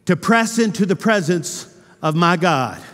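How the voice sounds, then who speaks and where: A male pastor preaching a sermon with passion, moving between loud cries and hushed, intimate lines. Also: high-pitched, expressive, unhurried. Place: church sanctuary. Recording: church hall with long reverb.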